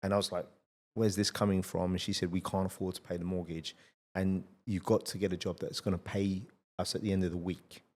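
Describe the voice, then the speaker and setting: A middle-aged man with a fairly low voice hosts a podcast in relaxed conversation. He tells energetic, blunt anecdotes and swears freely. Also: brisk. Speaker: podcast host. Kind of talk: casual conversational storytelling.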